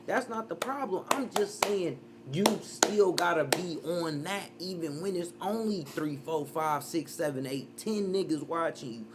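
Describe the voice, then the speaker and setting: A man's voice: a little high, unhurried, few pauses, heavy background noise. A man giving casual reaction commentary as a streamer, emphatic and profane, repeating his points.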